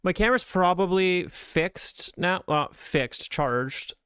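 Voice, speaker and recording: A man's voice: high voice, slow, fairly bright tone, smooth. A man from Canada chatting casually on a live stream, rambling and joking about himself. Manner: rambling, self-deprecating and joking. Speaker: livestreamer.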